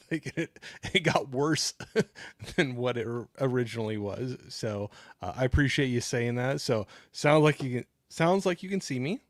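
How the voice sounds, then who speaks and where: A middle-aged man hosts a relaxed livestream from home and speaks at a mid-range pitch. He rambles through his thoughts, thanks viewers and reads their chat aloud. The close microphone sounds dry, with no room echo. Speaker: livestream host. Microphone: new desktop microphone.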